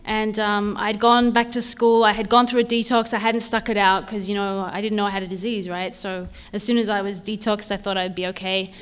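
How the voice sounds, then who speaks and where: Woman sharing her recovery story, smooth clear voice, halting and frank. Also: medium pitch, level tone. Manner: candid, halting, with fillers and repetition. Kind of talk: personal testimony talk.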